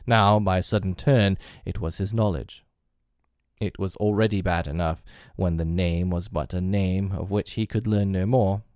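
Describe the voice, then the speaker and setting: A man reads a classic novel aloud in a measured, deliberate way. His voice is very low and dark in tone. The recording is dry and close. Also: steady tone, smooth, dry recording. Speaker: narrator. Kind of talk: scripted audiobook narration of a classic novel.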